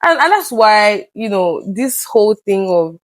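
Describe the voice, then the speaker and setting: An earnest woman shares her own experience in a candid conversation, at a middle pitch for a woman. Her voice sits close and dry, with no room sound around it. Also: a little slow, no room sound. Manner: earnest, reenacts conversations with lively quoted voices. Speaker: guest.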